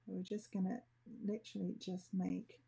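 A woman demonstrates nail art, talking slowly and casually as she thinks aloud. Her voice sits low and gravelly, with a husky, dark, mellow tone. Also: level tone. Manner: chatty, thinking aloud while working.

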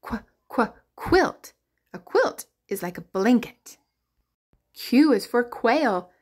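Slow sing-song woman teaching toddlers. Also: a little high, very animated, a little mellow. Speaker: children's teacher. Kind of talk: toddler alphabet lesson.

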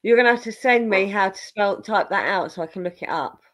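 A woman hosting a casual chat, relaxed and joking, acting out quoted reactions. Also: medium pitch, brisk. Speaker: host.

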